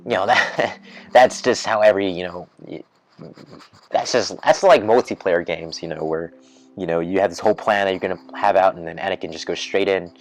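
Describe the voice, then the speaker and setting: A man with a lowish voice holds forth on his podcast in a loose, rambling rant. He circles back over his points with plenty of fillers and false starts. His energy climbs and his voice gets louder whenever an idea takes hold. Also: fairly quick. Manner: rambling, heavy with fillers and restarts; grows excited and loud when imagining twists. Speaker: podcast host. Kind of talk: casual rant.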